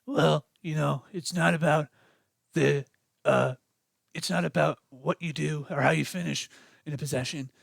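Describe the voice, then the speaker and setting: A man doing a gravelly, droning coach. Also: on the high side, steady tone, no room sound, studio quality, voice pushed down. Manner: slow, halting, fumbling with fillers. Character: gruff middle-aged male basketball coach, droning excuses.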